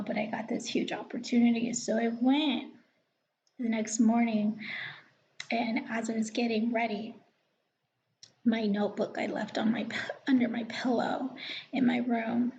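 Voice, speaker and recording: Confiding woman with gravelly fry. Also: on the high side, darkish tone, muffled recording, a little hiss or hum. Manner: rambling, confiding, drops to a whisper at times. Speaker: vlogger. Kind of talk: casual storytelling.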